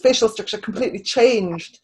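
A woman in a relaxed conversation, leading the talk as host. Her sentences start, stall and restart, with stammered repeats as she chases a thought. Her pitch sits in an ordinary middle range. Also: fairly quick, slightly rough, low-quality recording. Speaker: podcast host and writer. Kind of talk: casual conversational interview.

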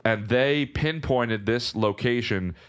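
A young man telling a long story as a podcast guest, casual and animated, full of "like" fillers and restarts. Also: medium pitch, slow pace, clean tone.

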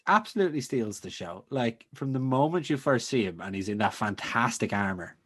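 A man's voice: mid-range voice, animated, a little fast, a bit bright, breathy edge. A man co-hosting a casual film podcast, enthusiastic, full of "like" fillers, often trailing off mid-sentence. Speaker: podcast co-host.

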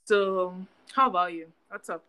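A young adult woman from Nigeria with a Nigerian accent, co-hosting a casual chat podcast and talking in an animated way, full of fillers. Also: on the low side, normal speed, smooth, rough recording. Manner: animated, chatty, lots of fillers. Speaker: podcast co-host.

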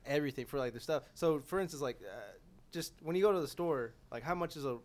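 A man's voice: fairly high pitch, fast, darkish tone. A young man chatting casually on a podcast, rambling with lots of filler, swearing and laughing as he tells a story. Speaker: podcast co-host.

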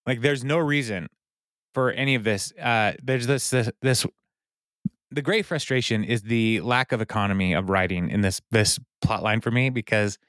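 A man's voice: medium pitch, normal speed, a bit bright, dry recording, studio quality. A man co-hosting a podcast, casually recapping scenes and briefly acting out the characters' lines. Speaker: podcast co-host.

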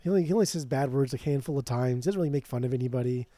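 A man co-hosting a podcast, telling a story in a casual, animated way and swearing freely. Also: mid-range voice, racing, no room sound. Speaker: podcast co-host, record store owner. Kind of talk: casual chat.

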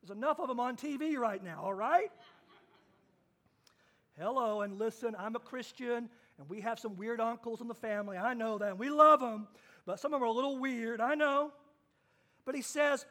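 A man with a strikingly high voice delivers a sermon from the pulpit, stacking up repeated phrases for emphasis. He slows down to stress key words, then hurries through asides to his listeners. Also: bright, forceful tone. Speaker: pastor.

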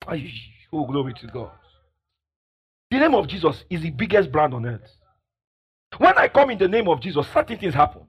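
High, gravelly preacher, lo-fi. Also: male voice. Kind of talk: fiery sermon. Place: church service with congregation. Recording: dull lo-fi recording.

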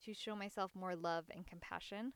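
A woman in her thirties, a mother, telling a personal story in an earnest, reflective way with soft laughs. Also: fairly low pitch, fairly even intonation, moderate pace, clear, resonant tone, dry recording. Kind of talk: casual personal testimony.

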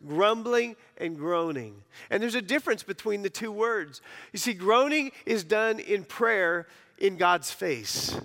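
A male pastor preaching a sermon, swelling into emphatic lines and dropping to quiet asides. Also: fairly high pitch, in a large hall.

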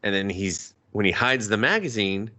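A man's voice: lowish voice, animated, moderate pace, pushed and bright. A man hosting a podcast, recapping an anime in sarcastic, profane casual chat. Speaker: podcast host.

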